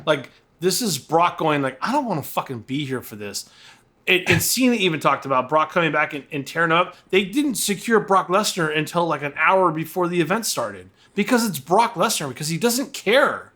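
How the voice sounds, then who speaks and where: A man chatting on a wrestling podcast with a bright, forceful voice pitched a little high. He talks bluntly and swears freely, often venting his exasperation. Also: expressive, moderate pace, hardly any pauses. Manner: blunt, profane, exasperated ranting. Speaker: podcast co-host. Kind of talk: casual chat.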